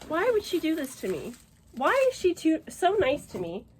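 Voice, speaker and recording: Gushy woman vlogger, slightly high, very animated pitch, casual home chat with loose swearing. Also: slight background noise. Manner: gushing, exclamatory, swears freely. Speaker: reading vlogger. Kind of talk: casual vlog chat to camera.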